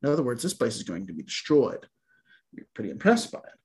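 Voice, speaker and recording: Husky-voiced pastor, casual sermon. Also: male voice, mid-range voice, fast talker. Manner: relaxed, conversational, with fillers and small laughs.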